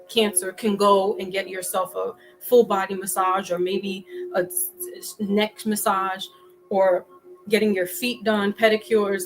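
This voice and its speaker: A woman gives a relaxed tarot reading in a chatty, loose way, stopping and restarting her words often. Her voice sits at a middle pitch, and soft music plays faintly behind her. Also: poor audio. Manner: chatty, frequent restarts and fillers. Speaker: tarot reader.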